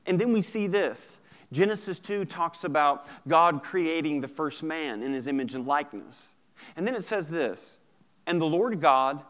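A man preaching a sermon, swinging between loud bursts and quiet, intense passages, with casual asides to the congregation. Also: on the high side, normal speed. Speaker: pastor.

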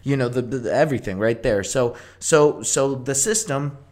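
Casual male podcast host, rambling storyteller, mid-pitched, lots of "you know" and restarts. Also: normal speed, a little mellow. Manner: rambling, many restarts and fillers.

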